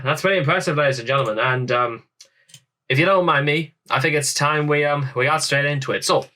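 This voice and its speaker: In a casual reaction video, a young Englishman rambles theatrically, his mid-range voice pushed and bright as he puts on a thick Irish accent.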